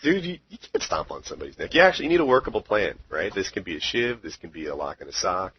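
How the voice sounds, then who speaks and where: A man hosting a podcast, telling a story in a casual, animated way with many fillers. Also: sits low, fast, a little hiss or hum. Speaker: podcast host. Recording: dull lo-fi podcast audio.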